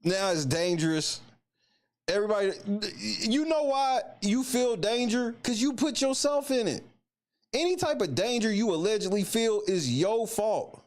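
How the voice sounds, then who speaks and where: High, animated man mocking a clip. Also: a little slow. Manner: mocking, profane, incredulous. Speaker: commentary show host. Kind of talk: live reaction commentary.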